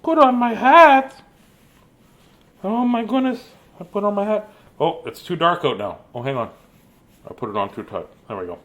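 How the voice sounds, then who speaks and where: A man's voice: fairly high pitch, animated, a little fast. Goofy man reading a bedtime story. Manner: goofy, chatty asides and sing-song noises. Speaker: storybook reader.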